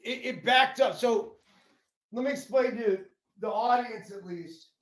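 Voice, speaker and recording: Male co-host with a notably high voice, breezy and salty when breaking down plays. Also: a little slow, a bit bright, reverberant. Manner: loose, profane, explains with gestures. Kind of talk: casual sports chat.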